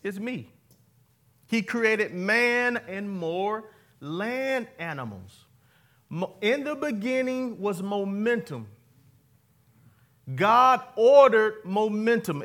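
Preaching in church to a live crowd, a man whose voice sits high and sounds fairly bright blends jokes and Bible readings. He keeps it conversational and has the congregation echo important words back in call-and-response.

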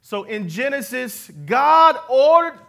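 Male pastor with a high voice, conversational sermon full of call-and-response, talking to a live congregation. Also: lively intonation, slow pace, creaky, bright, forceful tone. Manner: conversational, jokey preaching. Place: church before a live congregation.

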